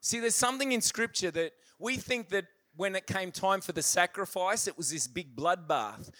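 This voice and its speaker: A man preaches in a church with a fairly high voice. His storytelling is animated and he laughs often, and the sound is dry and close. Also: moderate pace, no room sound. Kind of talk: sermon. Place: church service.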